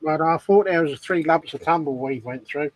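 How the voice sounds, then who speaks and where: A man's voice: fairly high pitch, normal speed, rough recording. A man who banters with his co-host, teasing him and laughing. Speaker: co-host of a model-building livestream. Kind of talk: casual chat.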